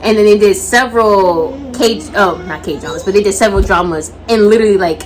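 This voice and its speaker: A woman's voice: mid-range voice, brisk, poor audio. A woman co-hosting a casual talk, retelling a story and acting out the characters' lines. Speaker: podcast co-host. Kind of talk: casual anime discussion.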